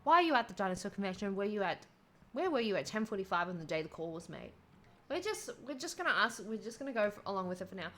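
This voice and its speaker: A woman's voice: mid-range voice, big pitch swings, fast, pushed and bright. A young adult woman streaming a first playthrough of a video game, reading the game text aloud and joking about it. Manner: playful, reads game text aloud with quips. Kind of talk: casual game playthrough commentary.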